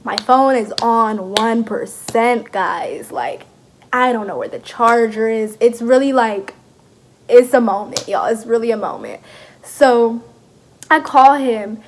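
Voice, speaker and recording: A young woman, chatting through a storytime vlog in a lively, animated way. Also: fairly high pitch, slow. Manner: chatty, animated retelling with laughs. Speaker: vlogger.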